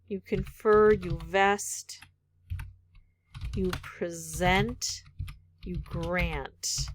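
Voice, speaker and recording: A woman's voice: on the low side, steady tone, very slow, a little hiss or hum. A woman vlogger thinking aloud as she solves a word puzzle, muttering candidate words, some half-whispered, and second-guessing herself.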